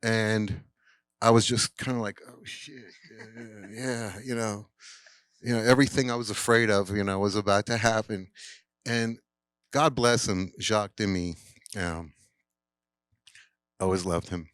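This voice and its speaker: A man's voice: lowish voice, steady tone, moderate pace, pauses often, fairly bright tone, smooth, no room sound. An older man, a film director, telling a rambling anecdote at a live Q&A with lots of fillers and quoted voices. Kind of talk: casual storytelling in a Q&A. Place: cinema, live Q&A.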